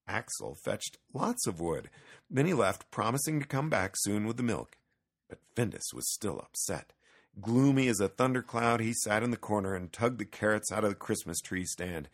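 A man narrating a children's storybook in an expressive, storytelling way. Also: on the low side, moderate pace.

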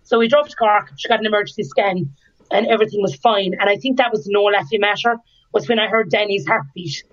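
Woman, 30s, interview guest, lively storyteller, laughs often, slightly muffled lo-fi audio. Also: medium pitch, fast. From Ireland. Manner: lively, laughs often, acts out quoted lines. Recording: dull lo-fi sound.

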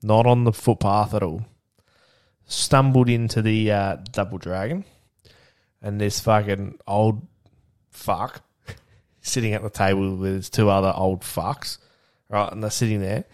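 A man's voice: lowish voice, fairly even intonation, unhurried, pauses often, darkish tone. A man co-hosting a podcast, telling stories in casual chat, swearing freely and laughing often. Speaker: podcast co-host.

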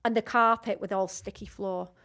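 A woman's voice: mid-range voice, steady tone, fairly bright tone. A woman from Rossendale with a Lancashire accent, chatting casually and swearing freely as a podcast co-host. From Rossendale, England. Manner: chatty, swearing, quick asides. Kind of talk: casual chat.

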